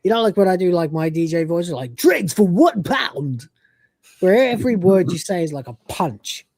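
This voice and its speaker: A man's voice: fairly high pitch, lively intonation, fast talker, warm tone, dry recording. A man hosting a casual review podcast, rambling with many fillers and acting out quoted lines. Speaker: podcast host.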